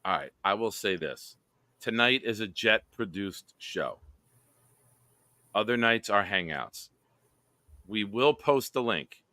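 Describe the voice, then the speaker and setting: A man's voice: mid-range voice, bright, forceful tone, dry recording. A man hosting a casual livestream, joking around and reading chat comments aloud. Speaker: livestream host.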